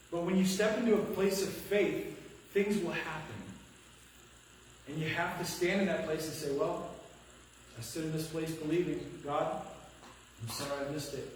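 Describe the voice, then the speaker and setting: A man with a Midwestern American accent preaches a sermon from the pulpit, telling a personal story and voicing each person in it. His voice sits a little high for a man, and it gets soft and low when the story turns tense. The sound carries through a reverberant church and is picked up from some distance. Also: a little hiss or hum. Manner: animated storytelling, acting out quotes, dropping to a hush. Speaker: pastor. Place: church sanctuary.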